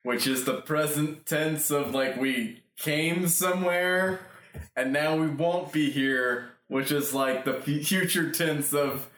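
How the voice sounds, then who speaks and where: A man's voice: fairly high pitch, fairly even intonation, takes it slowly, fairly bright tone, echoey room, low-quality recording. A man co-hosting a comedy podcast, joking with dry, wry asides. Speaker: podcast co-host. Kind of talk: jokey podcast banter.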